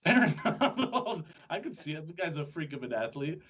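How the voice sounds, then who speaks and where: Man, sports podcast host, husky voice, chatty and joking, lo-fi recording. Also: a little high, very animated, a bit bright. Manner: chatty, joking, quick-talking with restarts. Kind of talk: casual sports chat. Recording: dull lo-fi sound.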